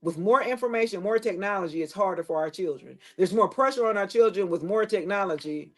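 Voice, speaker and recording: A woman's voice: mid-range voice, fairly quick. A middle-aged woman with a drawl, chatting casually on a live stream. She rambles from one thought to the next, speaks with blunt emphasis and drops a curse here and there, always addressing her viewers directly. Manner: talks straight to viewers.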